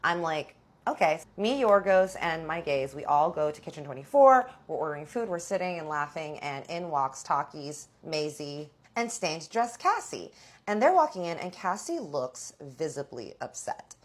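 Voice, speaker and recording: A woman's voice: low voice, big pitch swings, normal speed. A young adult woman telling a dramatic personal story in a casual vlog, swearing freely. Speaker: storyteller vlogger.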